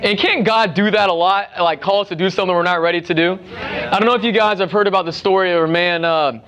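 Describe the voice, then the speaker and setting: A man's voice: high voice, fairly even intonation, quick pace, fairly bright tone. A young man giving a casual sermon to a youth group, chatty, with restarts and asides. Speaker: youth speaker.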